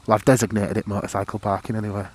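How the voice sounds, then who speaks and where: Here a motorcycle vlogger speaks rapid-fire in a fairly low, slightly mellow voice with flat delivery. Out on his bike, he rambles, curses, and mocks himself, all picked up by a helmet- or bike-mounted microphone.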